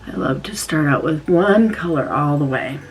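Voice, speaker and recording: A woman's voice: deep voice, animated, normal speed, faint music behind, rough recording. A woman casually talking through her makeup routine step by step, chatty and easygoing as she demonstrates. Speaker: beauty vlogger.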